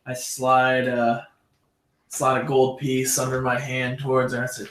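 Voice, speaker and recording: Slow-talking man playing a tabletop game. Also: medium pitch, completely flat delivery, a bit bright. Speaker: player. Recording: roomy, distant mic, clear noise.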